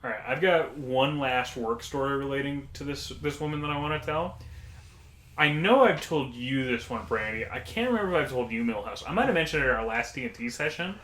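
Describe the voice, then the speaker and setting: A man chatting on a casual podcast, telling stories with plenty of swearing and acting out what other people said. His voice sits at an ordinary pitch, and the room around him rings with a noticeable echo. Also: a little fast. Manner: swearing, animated storyteller who acts out quotes. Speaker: podcast co-host. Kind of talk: casual chat.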